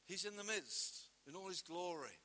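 A man preaching a sermon with passion, acting out quotes and swinging between loud declarations and hushed asides. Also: high voice, lively intonation, normal speed, in a large hall.

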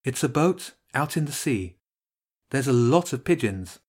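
A man voicing a stern, straight-faced female cat in a storybook reading, measured and severe. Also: mid-range voice, lively intonation, a little mellow, slightly rough.

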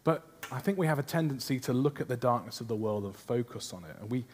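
A man's voice: medium pitch, expressive, fast, a little hiss or hum. A man preaching a sermon, earnest, often asking his listeners questions. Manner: earnest, asks the congregation rhetorical questions.

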